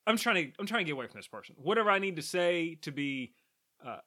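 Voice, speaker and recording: A man from the American South with little trace of a drawl, talking in a dry, measured way in a casual podcast chat. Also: fairly high pitch, big pitch swings, pushed and bright. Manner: speaks rapidly, measured and dry.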